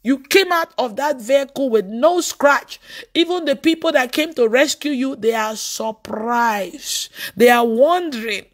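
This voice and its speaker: Animated, higher-pitched woman preaching. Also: unhurried. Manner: animated storytelling preaching, bursts of laughter and shouts. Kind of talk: sermon.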